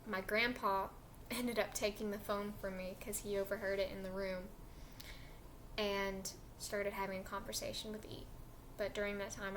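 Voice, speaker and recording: A woman's voice: mid-range voice, fairly bright tone, slight background noise. A young woman casually telling a personal story in a chatty, emotional way with lots of fillers.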